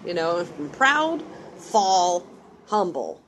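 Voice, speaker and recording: A woman's voice: fairly low pitch, lively intonation, unhurried. A woman giving casual, earnest religious advice in a vlog, repeating herself insistently and rambling with restarts. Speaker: mother.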